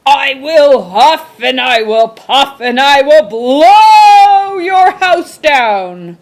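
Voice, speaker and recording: A woman voicing a hungry, blustering male magic shark who roars drawn-out threats. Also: very high-pitched, expressive, sharp tone, pitched above the performer's own voice, exaggerated voice. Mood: roaring.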